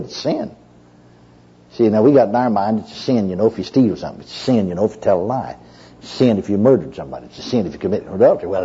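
Very husky lively-voiced male preacher. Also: fairly low pitch, muffled recording. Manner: folksy storyteller, repeats "you know", restarts often. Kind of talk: sermon with personal testimony.

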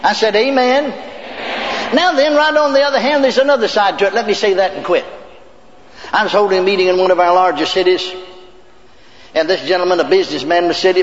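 A man's voice: high voice, a bit bright. An older man preacher telling stories in a folksy sermon, often repeating words and laughing, in a church hall on a dull lo-fi recording. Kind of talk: sermon storytelling. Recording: echoey hall, dull lo-fi tape.

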